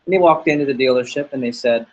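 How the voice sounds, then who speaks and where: A man's voice: medium pitch, quick pace, a little mellow, dull audio. A man leading a sales team training talk, upbeat and motivational, acting out little dialogues as he goes. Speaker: sales office manager.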